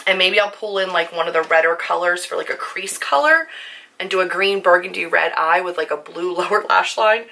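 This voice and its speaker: Hoarse young woman chatting about makeup. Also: fairly low pitch, brisk, bright, forceful tone. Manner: chatty, nervous, many "like" fillers. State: hoarse, voice worn from shouting. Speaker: book and beauty vlogger. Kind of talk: casual makeup chat to camera.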